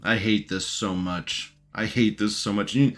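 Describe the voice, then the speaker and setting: A man's voice: lowish voice, steady tone, measured pace, a bit bright. A man giving casual, mocking commentary as he reacts to a recorded debate and talks back to it.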